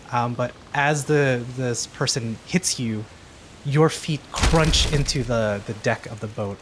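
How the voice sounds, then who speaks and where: A man's voice: mid-range voice, noisy background. A man narrating as game master of a tabletop game, hesitant and full of fillers. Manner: hesitant, lots of um.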